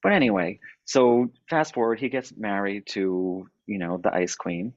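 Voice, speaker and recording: Low-voiced man, halting and reflective. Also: dry recording, muffled recording. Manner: halting, repeats words, light laughs. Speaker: podcast guest. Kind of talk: personal storytelling.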